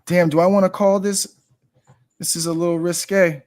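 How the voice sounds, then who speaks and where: A man's voice: high-pitched, level tone, normal speed, darkish tone. A man hosting a live poker stream, talking casually with slang and calling people bro. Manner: laid-back, slangy, says bro a lot. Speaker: stream host.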